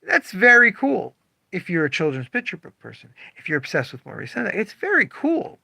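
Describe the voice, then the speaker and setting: A man's voice: high voice, fairly quick, gravelly, dry recording. A man who owns a comic shop, talking casually on a livestream and acting out customers' voices. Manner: animated, acts out customer voices.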